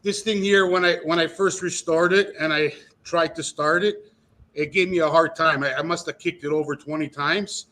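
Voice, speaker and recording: On a live video call, a man who restores dirt bikes chats casually about a bike he fixed up, boasting and swearing freely as he tells his stories. His voice is a little high and sharp, with fairly even intonation and a normal speed.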